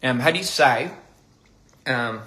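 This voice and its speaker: A man casually chatting on a phone livestream over a meal, halting and repeating words and laughing at his own slips. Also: medium pitch, animated, pushed and bright. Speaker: livestream host. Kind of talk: casual livestream chat while eating. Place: indoors at a meal table.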